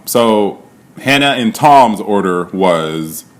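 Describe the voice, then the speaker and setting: A man's voice: fairly low pitch, expressive, slow pace. A man giving a casual spoken recap, chatty and laughing often, with loose swearing and plenty of "like". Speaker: reality show recap vlogger.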